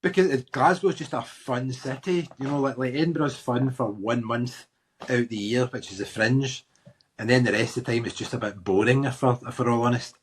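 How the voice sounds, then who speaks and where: A man's voice: mid-range voice, moderate pace, breathy edge. A man with a Glaswegian Scottish accent, a comedian guest talking frankly in a casual interview, often restarting his sentences and swearing bluntly. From Scotland. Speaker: guest comedian and tattoo artist.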